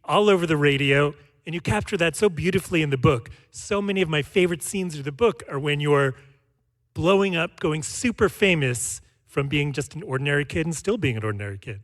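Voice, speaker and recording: A man's voice: on the high side, expressive, fairly quick. A man interviewing a guest onstage, asking questions in an enthusiastic, admiring way.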